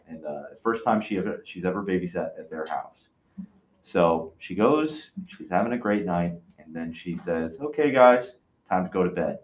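A man on a podcast telling a spooky story in a casual, excitable way, with lots of fillers and restarts. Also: deep voice, slight background noise. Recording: roomy echo.

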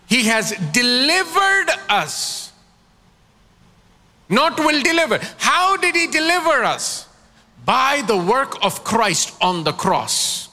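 A man's voice: sits high, sharp tone, long reverb tail. A man preaching a sermon as pastor, calling on his congregation to answer back. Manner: preaching with call-and-response prompts to the congregation.

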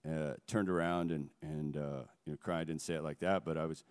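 A guest speaker with a low, smooth voice gives personal testimony from a stage before a gathering, his intonation fairly even. He tells his story earnestly and emotionally, with halting pauses. The long echo of a large hall fills the recording.

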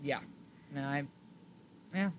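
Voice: medium pitch, slow, slight background noise. A podcast co-host in casual chat, opinionated and blunt, swearing freely. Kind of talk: casual chat about motor racing.

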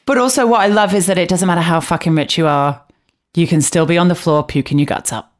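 A woman's voice: on the low side, fast. A woman co-hosting a podcast, chatting casually and bluntly, swearing freely as she gossips about a show. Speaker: podcast co-host recapping a reality show. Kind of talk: casual chat.

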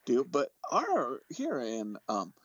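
Deliberate male podcast co-host with dry humor, lively pitch, dull dry recording. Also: dry recording. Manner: slow, deliberate, dry jokes. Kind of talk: casual podcast chat.

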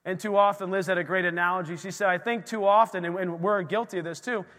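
A man's voice: sits high, steady tone, fast talker, fairly bright tone. A middle-aged man preaching a sermon to a church congregation. He talks in a loose, conversational way and acts out little scenes of dialogue. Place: church sanctuary. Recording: long hall reverb.

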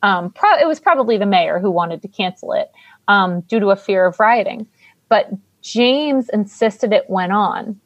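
A woman co-hosts a podcast, recapping a film in loose, irreverent chat with casual swearing. Her voice sits at a middling pitch and sounds dry and close. The recording is slightly dull and lo-fi. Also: lively intonation, normal speed, no room sound. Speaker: podcast co-host.

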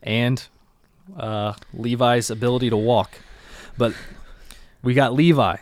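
A man co-hosting a casual anime recap podcast, recapping scenes in a relaxed, enthusiastic way. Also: mid-range voice, slow pace, no room sound. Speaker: podcast co-host.

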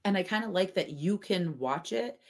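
A woman co-hosting a casual podcast chat, telling stories with lively acted-out quotes and frequent laughter. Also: mid-range voice, moderate pace. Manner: animated storytelling, acts out quotes, laughs often. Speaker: podcast co-host.

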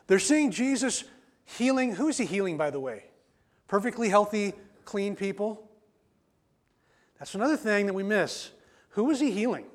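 A man preaching a sermon in a casual, conversational way, asking the listeners many questions. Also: high-pitched. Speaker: pastor.

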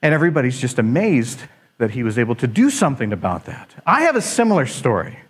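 A man, preaching a sermon full of humorous, self-deprecating stories, rambling and animated with frequent restarts. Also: medium pitch, fast talker, a little hiss or hum.

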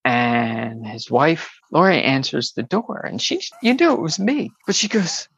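A woman, an interview guest, telling a personal story in an animated way and acting out the people she quotes. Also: very deep voice, measured pace, few pauses, slightly rough, dry recording, muffled recording.

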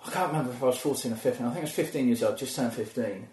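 A man, a guest actor, telling lively stories in casual chat and laughing often. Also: mid-range voice, very fast, recorded from a distance. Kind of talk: anecdotal storytelling in casual chat. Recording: roomy echo.

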